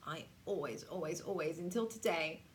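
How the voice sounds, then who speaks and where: A woman in her forties leading a casual self-care workshop for teens, chatty and reassuring, slipping into quick voices to act out moods. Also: sits low, slight background noise. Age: 40s. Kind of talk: casual teaching talk to teens.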